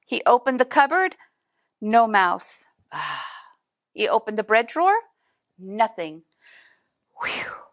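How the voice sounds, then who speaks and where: A woman reading a picture book aloud in an expressive way, adding chatty asides to young listeners. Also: a little high, slow, long pauses, no room sound, studio quality. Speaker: storybook reader.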